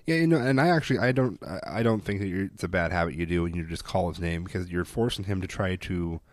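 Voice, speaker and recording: A man with a low voice in a casual podcast chat. He talks bluntly and swears freely, often going off on rants. The mic is close and dry. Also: fast talker, no room sound. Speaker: podcast co-host, parent.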